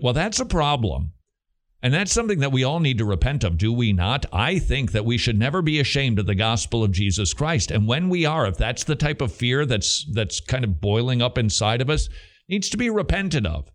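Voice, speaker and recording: A man's voice: mid-range voice, very animated, moderate pace. A middle-aged man with a Southern American accent, hosting a Christian question-and-answer radio show with an emphatic, preacherly delivery.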